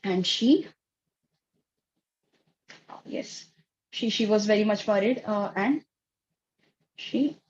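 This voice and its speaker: A woman telling a story to an online kids class, halting and full of fillers. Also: mid-range voice, a little mellow, dull audio, slight background noise. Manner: halting, many fillers and restarts. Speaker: teacher.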